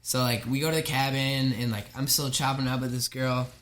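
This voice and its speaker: A man's voice: mid-range voice, level tone, brisk, a bit bright, reverberant, slight background noise. A young man telling a rambling college story in casual chat, swearing a lot and laughing along with himself. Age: young adult. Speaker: podcast guest.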